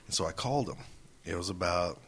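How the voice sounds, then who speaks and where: A man's voice: deep voice, animated, fast talker, a bit bright, slightly rough. A man co-hosting a podcast, telling jokey stories in rambling casual chat. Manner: rambling, jokey storytelling with fillers. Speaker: podcast co-host.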